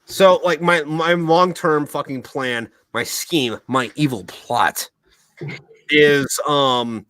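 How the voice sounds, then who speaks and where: A man's voice: on the high side, slow pace, sharp tone, no room sound, low-quality recording. A man hosting a podcast, ranting heatedly and swearing constantly in a casual, tipsy way. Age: adult, military veteran. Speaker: podcast host. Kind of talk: profane casual rant.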